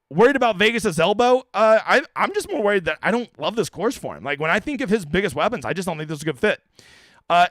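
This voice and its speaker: A brash man rattles through viewer questions at a quick clip on his livestream. His voice sits a little high, and the sound is dry and close, with almost no room around it. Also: a bit bright, no room sound. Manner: blunt, brash, answers chat questions rapid-fire. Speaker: fantasy golf streamer. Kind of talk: casual livestream Q&A.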